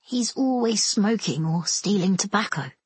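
A woman's voice: medium pitch, expressive, a little slow, a little mellow, breathy edge, dry recording. A woman voicing a frightened, tired young boy who gives timid, hesitant answers in an audiobook.

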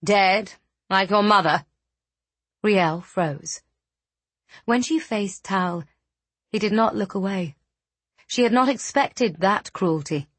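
A woman narrating a fantasy audiobook in an even storytelling voice. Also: medium pitch, no echo. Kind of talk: scripted narration.

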